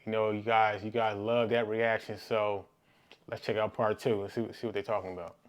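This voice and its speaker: A man's voice: on the low side, little pitch movement, moderate pace. A man hosting a reaction video, talking in a laid-back, casual way with many fillers. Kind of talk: casual chat.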